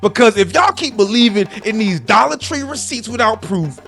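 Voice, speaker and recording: A man voicing a zealous, preachy male conspiracy-minded defender who rants in a sing-song way with sudden shouted bursts. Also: sits high, big pitch swings, unhurried, creaky, soft background music, exaggerated voice. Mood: indignant. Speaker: comedic character.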